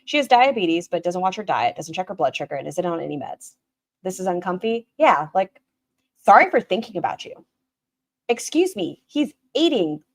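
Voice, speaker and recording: Sarcastic woman streamer with an animated voice that swings up and down. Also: fairly low pitch, normal speed. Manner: snarky, animated, mocking. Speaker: stream host reacting to a video. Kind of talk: casual commentary.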